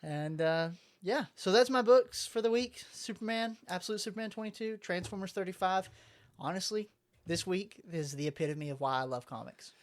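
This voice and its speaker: A man's voice: high-pitched, moderate pace. A young adult man co-hosting a podcast from a room at home, recapping comics in a rambling way and acting out quotes. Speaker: podcast co-host. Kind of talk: casual chat, recapping comics.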